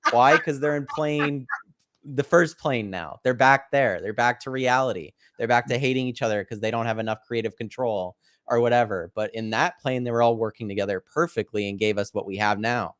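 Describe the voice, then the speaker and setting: A man's voice: mid-range voice, brisk, a bit bright. Easygoing man in casual podcast chat. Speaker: co-host. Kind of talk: casual conversation.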